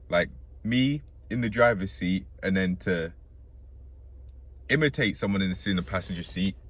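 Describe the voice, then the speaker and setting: A man with a very low voice thinks out loud, drifting between ideas and swearing casually as he goes. He sounds as though he is talking to himself more than to an audience. He speaks from the seat of a parked car. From Britain. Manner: musing, profane, talks to himself and jokes. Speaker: vlogger. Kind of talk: rambling self-talk monologue.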